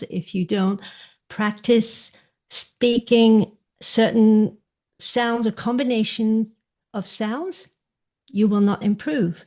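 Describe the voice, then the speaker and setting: A woman's voice: medium pitch, darkish tone. Woman pronunciation coach, thoughtful pace. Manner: thoughtful, repeats words while searching for phrasing. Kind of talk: podcast conversation.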